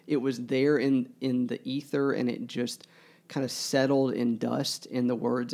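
Gravelly, mellow-voiced man musing aloud. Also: mid-range voice, fairly even intonation. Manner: musing, halting, many restarts. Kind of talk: casual literary discussion.

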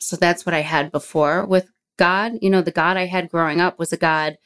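Low-voiced woman telling a vivid story. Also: smooth. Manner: animated storyteller, acts out quoted voices, slows down when emotional. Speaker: guest. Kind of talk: casual storytelling interview.

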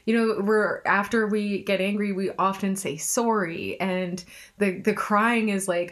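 A woman's voice: medium pitch, steady tone, slow. A woman speaking earnestly and reflectively in a casual conversation, speeding up when she gets passionate. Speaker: podcast co-host.

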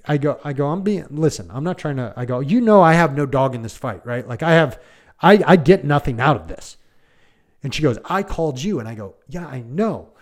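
Man, police deputy, 30s, slightly high voice, animated storytelling, acts out quotes, loose filler-heavy chat. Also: fairly quick. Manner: animated retelling of a call, acting out quoted dialogue with lots of "like" and "I go". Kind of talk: casual storytelling in a podcast chat.

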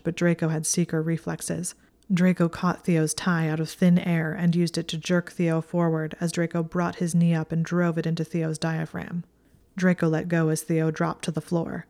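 A woman narrating a story in a steady, even storytelling manner. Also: low-pitched, moderate pace. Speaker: audiobook narrator. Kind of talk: scripted narration.

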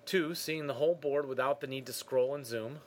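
A man's voice: medium pitch, brisk, a little hiss or hum. Dry, teasing male podcast co-host. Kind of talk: casual chat reading listener mail.

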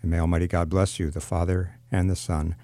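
Bishop, deep dark gravelly voice, flat solemn blessing. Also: male voice, brisk, no echo. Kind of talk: prayer blessing.

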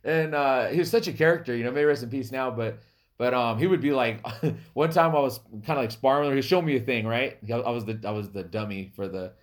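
A lively man hosts a casual podcast chat in a voice of ordinary middle pitch. He tells stories with plenty of laughter and acts out the people he quotes. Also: brisk. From US Native American reservation.

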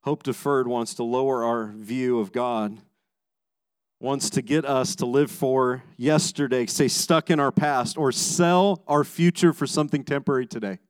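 A pastor preaches an emphatic sermon, shifting between raised passages and hushed, low ones and often repeating words as he starts sentences. His voice is smooth at a measured pace, with no room sound.

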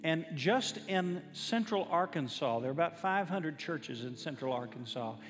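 A man's voice: a little high, animated, moderate pace, fairly bright tone. A man, a pastor telling a story in a sermon, emphatic and building to fervent preaching. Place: church sanctuary. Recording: reverberant church hall with faint music.

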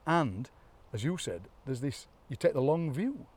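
Recorded from a distance in the open air beside a graveyard, this husky, mid-pitched Yorkshireman chats on an outdoor walk. He's an animated storyteller who laughs a lot and readily mimics others' accents.

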